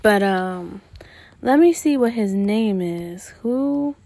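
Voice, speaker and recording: A young adult woman podcaster, ranting casually and profanely about dating, with lots of swearing and animated jumps in tone. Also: mid-range voice, takes it slowly, gravelly, slight background noise.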